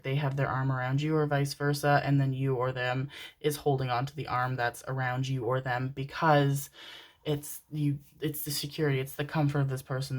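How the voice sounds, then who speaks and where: A young woman giving a rambling, chatty tarot reading to her viewers, with laughs and the odd swear. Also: very deep voice. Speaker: tarot card reader. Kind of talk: casual pick-a-card reading.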